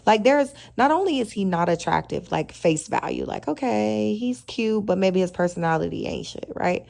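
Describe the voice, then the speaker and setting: A woman speaks. She recaps a reality show in a casual, sassy, opinionated way, full of slang. Her voice has a gravelly fry and a dark, mellow tone. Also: mid-range voice, lively intonation, normal speed. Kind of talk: casual chatty episode review.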